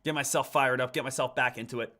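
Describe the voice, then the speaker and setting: A man streaming live stock trades, muttering over charts and then ranting loudly and excitedly. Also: medium pitch, quick pace. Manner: swings from muttered chart reading to loud excited rants. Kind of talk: live trading stream commentary.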